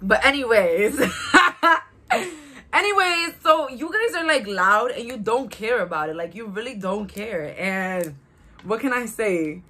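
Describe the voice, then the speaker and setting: A woman's voice: a little high, animated, pushed and bright, slight background noise. A young woman, giving a casual, outspoken tarot reading to her viewers and laughing often. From Brooklyn, New York. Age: 20s. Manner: outspoken, chatty, quick to laugh. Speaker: tarot reader.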